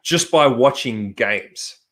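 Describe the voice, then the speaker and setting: A man co-hosting a relaxed podcast chat. He speaks at an ordinary middle pitch and drives his points home by repeating them for emphasis. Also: slow pace. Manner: emphatic, repeats himself for stress. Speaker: podcast co-host.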